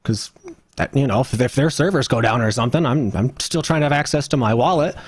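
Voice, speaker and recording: A man's voice: medium pitch, fast, slightly rough, dry recording. A man co-hosting a casual roundtable chat, musing aloud with many fillers. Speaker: podcast co-host.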